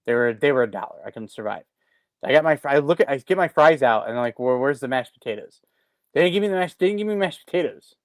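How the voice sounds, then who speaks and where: A man co-hosts a casual podcast, telling a long story in an animated, rambling way and tripping over his own restarts. His voice sits a touch high. The sound is dry and close to the mic. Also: fast talker, dry recording. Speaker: podcast co-host. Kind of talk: casual chat.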